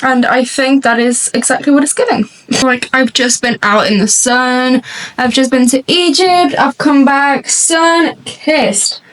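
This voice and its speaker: A woman's voice: sits high, unhurried, fairly bright tone, far from the mic, poor audio. A young woman telling a long story while doing her makeup, chatty and rambling, laughing often. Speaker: beauty vlogger. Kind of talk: chatty get-ready-with-me storytelling. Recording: voice slightly off-mic.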